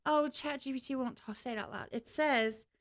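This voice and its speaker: A woman's voice: sits high, moderate pace. A woman vlogging in a casual, rambling way, apologizing often and swearing now and then. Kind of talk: casual reaction vlog chat.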